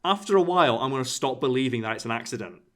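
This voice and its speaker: A man's voice: mid-range voice, animated, very fast. A man hosting a casual podcast chat, explaining his points through everyday analogies and acting out short quoted exchanges. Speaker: podcast host. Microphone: podcast microphone.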